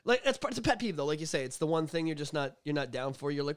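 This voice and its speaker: A young man with a fairly high voice talks in loose podcast chat, swearing freely and teasing his co-host with bursts of laughter. The sound is dry and close, with no room around it. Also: sing-song, quick pace, hardly any pauses, smooth, no echo. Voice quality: crude, laughing, loud teasing. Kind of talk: casual chat.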